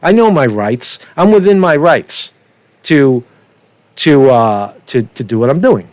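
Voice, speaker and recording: A man's voice: medium pitch, expressive, measured pace, a little mellow, no echo. A man doing ranting street commentary for his vlog, swearing a lot and tagging nearly every point with "right?". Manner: profane, keeps asking "right?". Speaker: street vlogger.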